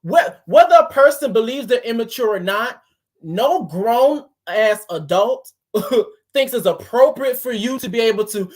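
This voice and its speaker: A woman's voice: a little high, animated, normal speed. A woman reacting to a podcast clip, closely picking apart the tone and wording of what was said. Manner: analytical, picks apart tone and wording. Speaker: reaction commentator. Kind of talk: reaction commentary.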